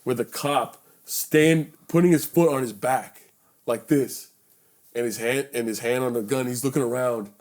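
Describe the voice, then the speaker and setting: A young man hosting a podcast, telling a story casually, acting out quotes loudly and swearing freely, recorded in a bedroom. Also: medium pitch, moderate pace. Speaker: podcast host.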